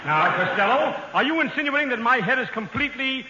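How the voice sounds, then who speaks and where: A pompous high-voiced professor. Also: male voice, expressive, a little fast, dull audio. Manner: pompous, grandiloquent. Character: pompous bald male professor of public speaking. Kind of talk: 1940s radio comedy acting. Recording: old radio broadcast, roomy hall, hiss.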